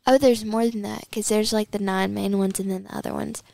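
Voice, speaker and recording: A woman's voice: mid-range voice, steady tone, fairly quick, vocal fry, mellow, no room sound. A woman co-hosting a casual studio chat, bubbly, giggly and easily flustered. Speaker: co-host.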